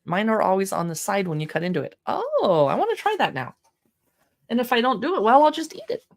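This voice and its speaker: A chatty woman hosting a casual livestream, leafing through a cookbook and exclaiming over the pictures with self-deprecating asides. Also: medium pitch. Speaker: livestream shopping host.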